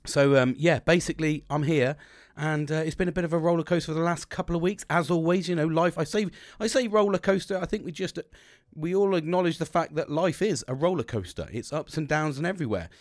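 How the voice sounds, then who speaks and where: Middle-aged man, podcast host, slightly high voice, rambling, sweary, self-mocking, close dry microphone. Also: a little fast, no room sound. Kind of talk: casual solo podcast monologue.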